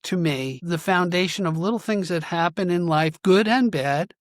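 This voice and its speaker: A man hosting an interview, asking questions in a thoughtful, halting way and often restarting his sentences. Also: sits high, dry recording, clean studio sound. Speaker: interview host. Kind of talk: conversational interview.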